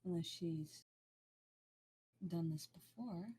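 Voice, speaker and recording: A woman's voice: on the low side, takes it slowly, warm tone, slight background noise. A young woman chatting and teasing her friend while he streams a game. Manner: giggly, teasing. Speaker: stream co-host. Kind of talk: casual chat.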